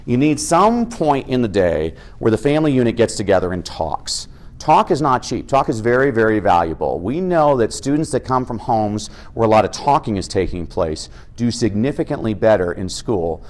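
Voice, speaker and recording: Animated, funny male keynote speaker. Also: on the low side. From United States. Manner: energetic, humorous storytelling. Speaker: education speaker. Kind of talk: keynote speech.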